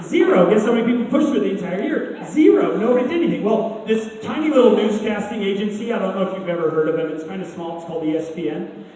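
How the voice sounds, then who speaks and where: High-voiced man in an echoey hall. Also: fast talker. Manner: animated, asks the audience questions. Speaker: anti-bullying assembly speaker. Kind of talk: storytelling speech to students. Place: large school hall. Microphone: phone in the audience, far from the speaker. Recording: distant phone recording in an echoey hall.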